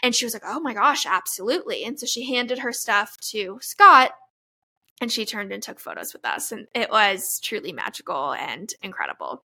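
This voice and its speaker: A young woman hosting a podcast, telling a long, excited story full of fillers and gushing asides. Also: mid-range voice, moderate pace. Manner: gushing, breathless fan recap with many fillers. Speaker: podcast host.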